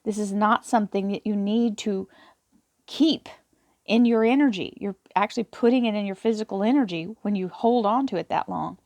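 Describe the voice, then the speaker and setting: Reading tarot affirmations to camera, this tarot reader explains each one in an earnest, encouraging tone and often says words twice. Her medium-pitched voice is a little mellow and moves at a normal speed. The recording is dry.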